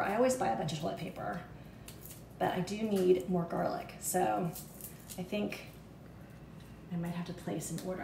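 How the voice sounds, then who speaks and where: A woman with a medium-pitched voice hosts a cooking show from her home kitchen, chatting casually with viewers as she walks them through each step. The audio has background noise, the mic sits at a distance, and the echoey room carries the clatter of dishes.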